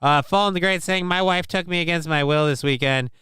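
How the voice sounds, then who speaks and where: A man's voice: on the high side, fairly quick, bright, forceful tone, clear, resonant tone, dry recording, clean studio sound. A man hosting a live stream, reading news and chat comments aloud with crude jokes. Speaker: show host.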